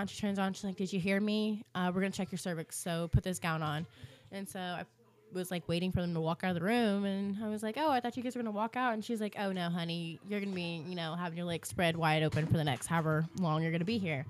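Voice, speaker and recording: A young woman on a casual podcast, recounting her experience in a chatty, animated way. Her voice sits a little low, and she fills her talk with "like" and "um". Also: fast. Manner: chatty, animated retelling with many "like"s. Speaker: podcast co-host. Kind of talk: casual storytelling chat.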